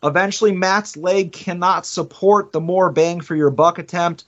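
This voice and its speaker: Excitable man recapping matches. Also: high-pitched, normal speed. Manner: enthusiastic, swearing, thinking out loud. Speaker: podcast co-host, recapping matches. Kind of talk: casual chat and recap. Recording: muffled lo-fi sound.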